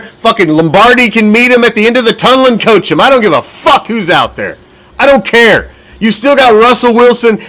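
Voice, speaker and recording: A man's voice: high-pitched, pushed and bright. A man hosting a football fan show, talking casually, bluntly and with a lot of profanity, and getting winded as he goes. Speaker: podcast host.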